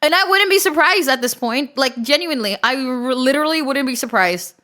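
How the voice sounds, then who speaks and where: A woman streamer talking to her chat in a high, bright, ringing voice. She rambles through stories, swears freely and gets worked up fast. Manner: excitable, swears often, shouts and laughs. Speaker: streamer reacting live. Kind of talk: casual livestream chat.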